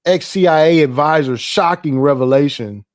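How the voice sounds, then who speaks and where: A man's voice: a little high, normal speed. A man hosting casual, profane political commentary, laughing often and reacting loosely to ads and clips on his screen.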